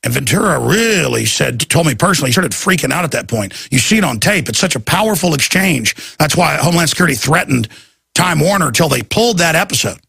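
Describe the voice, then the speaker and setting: A man hosting a radio show, ranting urgently and emphatically in a gravelly voice. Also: fairly high pitch, lively intonation, fast talker, bright, forceful tone, no room sound. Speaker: radio host. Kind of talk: impassioned talk radio monologue.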